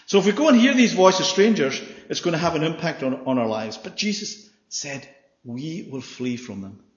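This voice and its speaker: A man's voice: fairly high pitch, sing-song, normal speed. A man preaching a sermon with emphasis, often checking in with his listeners by asking "Yeah?". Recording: echoey hall, dull sound.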